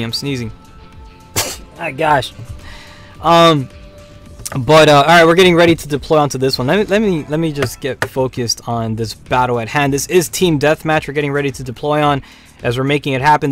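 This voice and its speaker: A man hosting a game livestream who talks casually with lots of fillers and restarts, then slips into play-by-play commentary. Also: mid-range voice. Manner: rambling, filler-heavy talk turning to play-by-play. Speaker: livestream host.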